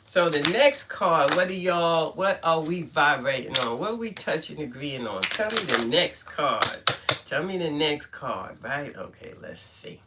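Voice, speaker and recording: Heavy background noise surrounds a low-pitched, animated voice that runs a little slow. It belongs to an older woman from Brooklyn, New York, with a Brooklyn accent, reading cards on a live stream indoors at home and chatting directly to viewers with "y'all" and "fam."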